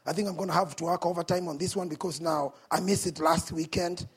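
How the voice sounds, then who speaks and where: A man with a Kenyan accent, preaching a sermon as pastor at a church service, swinging between hushed asides and shouted points. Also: fairly high pitch, fairly even intonation, fast talker, slightly rough.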